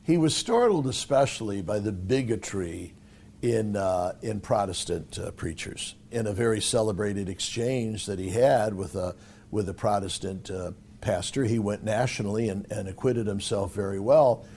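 A churchman talks through his answers in a loose, conversational way, stopping now and then to find words. His voice sits on the low side. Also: darkish tone, a little hiss or hum. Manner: conversational, halting with fillers. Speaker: cardinal. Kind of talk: interview commentary.

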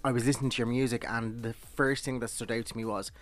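A man's voice: mid-range voice, flat delivery, fast talker. An Irish man hosting a radio show in the studio, bubbly and enthusiastic with guests. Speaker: radio host.

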